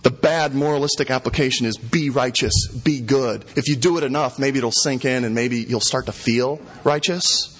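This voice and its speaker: A man's voice: mid-range voice, normal speed, hardly any pauses, fairly bright tone, slightly rough. A middle-aged man, a pastor, preaching a sermon, emphatic and repeating key phrases for stress.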